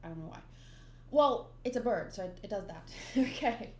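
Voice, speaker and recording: A woman's voice: mid-range voice, expressive, moderate pace, slight background noise. A young woman hosting a manga readthrough, chatting casually with lots of ums and giggly asides. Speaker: manga reader and channel host. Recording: roomy echo.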